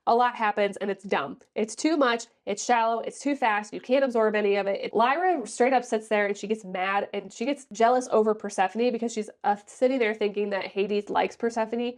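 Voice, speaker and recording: A woman's voice: mid-range voice, fairly quick, few pauses. Sassy woman ranting through a book recap. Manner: sassy, exasperated plot recap; animated, acts out characters' lines. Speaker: book reviewer. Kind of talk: casual book review vlog.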